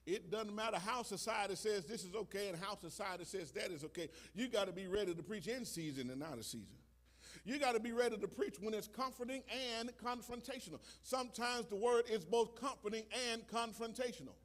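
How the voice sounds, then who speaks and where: High-pitched impassioned preacher man. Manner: impassioned, builds to shouting, repeats phrases; stammers and restarts, chuckles. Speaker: pastor. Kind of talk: sermon.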